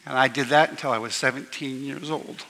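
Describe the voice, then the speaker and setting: Bright-voiced man speaking in an echoing hall. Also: mid-range voice, steady tone, creaky. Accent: Southern US slip. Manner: halting storytelling with fillers and restarts. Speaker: eulogist, younger brother of the deceased. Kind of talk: memorial speech with personal anecdotes. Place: church hall at a memorial service. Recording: long reverb from a large hall.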